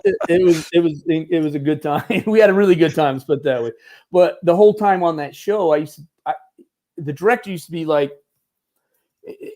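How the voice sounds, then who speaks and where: A man with a slightly raised pitch, talking as an interview guest. He tells loose, rambling stories with many fillers. He breaks into lively impressions of the people in them. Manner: rambling, lively, acts out quoted voices. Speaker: guest, former Marine turned stuntman and military advisor. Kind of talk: casual storytelling in an interview.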